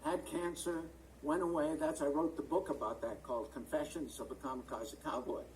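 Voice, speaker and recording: A man's voice: a little high, steady tone, moderate pace, darkish tone, slight background noise. Older male actor telling stories, distant mic. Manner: chatty, rambling storyteller who searches for words. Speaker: actor and guest. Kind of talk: anecdotal storytelling in an interview. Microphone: video call.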